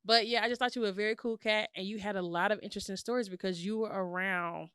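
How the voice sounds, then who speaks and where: A woman's voice: medium pitch, steady tone, fast, fairly bright tone, clean tone, no echo, clean studio sound. A woman hosting a podcast, interviewing a guest in an enthusiastic, slangy chat. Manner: enthusiastic, slangy, says "you know what I'm saying". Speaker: podcast host.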